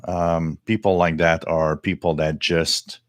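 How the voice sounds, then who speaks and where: A man's voice: low voice, little pitch movement, takes it slowly, dry recording. A middle-aged French Canadian man, French his first language, hosting a live radio hobby stream in casual, rambling chat with many fillers. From Quebec, Canada. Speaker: host.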